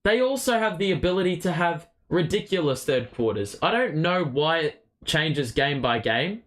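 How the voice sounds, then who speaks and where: A man calls a game as a partisan fan, his fairly high voice rising into excited shouts on big plays and dropping low and muttered in lulls. He swears freely and talks straight into a desk mic. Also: moderate pace. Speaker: host of a fan watchalong stream. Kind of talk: fan play-by-play commentary.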